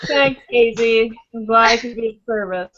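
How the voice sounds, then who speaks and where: A woman chatting on a group video call, animated and quick to laugh along with the others. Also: on the high side. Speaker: cosplayer guest. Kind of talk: casual group video chat. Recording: dull video call audio.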